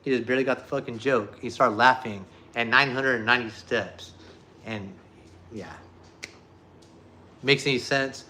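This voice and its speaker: Rambling, profane man with a bright voice. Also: mid-range voice, moderate pace, pauses often. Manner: profane, rambling, full of fillers. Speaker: streamer talking to viewers. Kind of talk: casual chat and joke telling.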